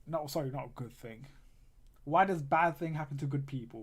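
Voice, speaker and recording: This football watchalong streamer has a husky, medium-pitched voice and speaks at normal speed. He is exasperated, groaning and ranting at the game while addressing his chat viewers directly.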